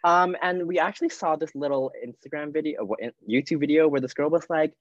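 A man's voice: a little high, fast talker, no room sound. A young man hosting a podcast in casual chat, rambling along with lots of fillers. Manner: chatty, rambling, filler-heavy. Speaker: podcast host. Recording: dry, dull lo-fi sound.

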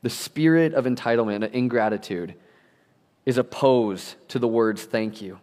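A man's voice: medium pitch, moderate pace, darkish tone. A young adult man preaching a sermon as a pastor, telling stories animatedly with casual slang. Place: church sanctuary. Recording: long reverb of a church hall.

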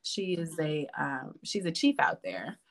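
A woman, a podcast guest, chatting casually and telling lively stories with lots of laughter. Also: sits low, measured pace, creaky. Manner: animated, laughing, calls listener "girl". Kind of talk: casual storytelling chat.

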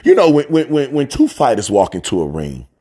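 A man's voice: medium pitch, very animated, fairly quick, warm tone, husky. A man hosting a motivational radio talk. He preaches in a fiery, slangy cadence, calls his listeners family, and repeats his key lines for emphasis.

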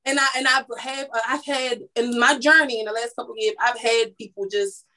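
A woman's voice: on the high side, steady tone, brisk, pushed and bright. A woman who works as a makeup artist, telling her story in a casual interview, rambling and acting out what people said. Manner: rambling, restarts, acts out quoted dialogue. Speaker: guest, makeup artist and lash business owner.

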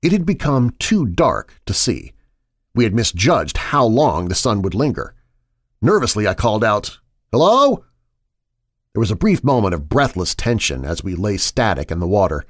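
A man with a low voice narrates a horror story in a measured, suspenseful way. His pitch moves a lot, rising and falling with the tension. The sound is dry and close, with no room echo. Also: very animated. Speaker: horror podcast host and narrator.

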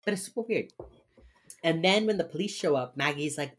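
A young woman with a low voice that swings widely in pitch as she recaps an episode. She chats casually and slips into quick impressions of the characters while she retells scenes. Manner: animated, acts out characters' lines while retelling. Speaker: podcast co-host recapping a TV episode. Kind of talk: casual chat.

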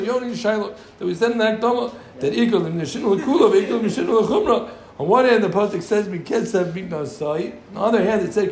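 A man with a high voice leads a relaxed Talmud class, going over each point twice and teasing his students along the way. The room around him is echoey. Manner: repeats phrases, joking asides to students. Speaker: Talmud teacher. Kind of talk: casual Gemara class teaching.

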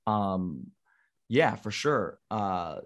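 A man's voice: lowish voice, very animated, extremely slow. A man guesting on a podcast, explaining his views in an earnest, thoughtful way. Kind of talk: casual interview chat.

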